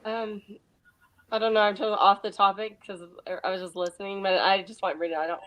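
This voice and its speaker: A woman's voice: mid-range voice, little pitch movement, quick pace, fairly bright tone, rough recording. A woman calling into a live talk show, speaking hesitantly with many fillers. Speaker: caller. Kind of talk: casual call-in chat.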